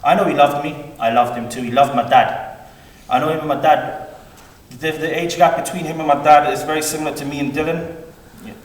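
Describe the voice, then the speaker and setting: A man's voice: a little high, steady tone, fairly quick, recorded from a distance. Man giving a eulogy in an echoey hall. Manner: rambling and heartfelt, livening up when quoting his uncle. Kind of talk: funeral eulogy. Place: large hall at a funeral service. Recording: echoey hall, heard from afar, faint room noise.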